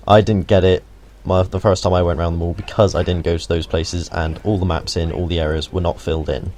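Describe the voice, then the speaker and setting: A man's voice: deep voice, little pitch movement, a little fast, darkish tone. A young man giving a casual, jokey video game walkthrough, rambling into asides and swearing now and then. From United Kingdom. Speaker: gaming video host. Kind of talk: casual gameplay walkthrough commentary.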